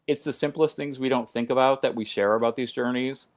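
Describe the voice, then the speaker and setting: A man's voice: mid-range voice, fairly even intonation, a little fast. A man speaking as a podcast guest, earnest and emphatic, talking in long run-on sentences with restarts. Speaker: podcast guest, host of his own show. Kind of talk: conversational podcast talk.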